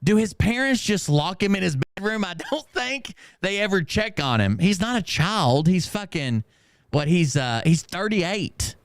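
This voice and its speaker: A man's voice: sits high, sing-song, a little slow, dry recording, clean studio sound. A man hosting a stream, reading viewer comments aloud in casual, mocking commentary and laughing often.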